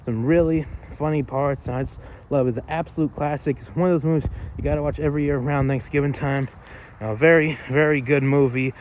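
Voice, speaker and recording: A man's voice: a little high, fairly even intonation, quick pace, dull audio, slight background noise. A man rambling through a casual, off-the-cuff movie review, full of fillers and loose swearing.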